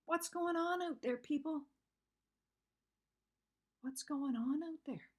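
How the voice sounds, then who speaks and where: A woman's voice: sits high, slow pace. A woman in her fifties venting in a vlog, upset and telling a rambling, profane story. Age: 50s. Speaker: vlogger. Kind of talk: emotional personal venting.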